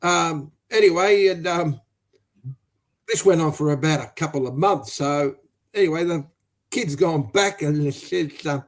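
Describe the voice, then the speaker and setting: A man telling a crude joke on a footy podcast, rambling and halting with lots of fillers. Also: a little high. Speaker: podcast panelist.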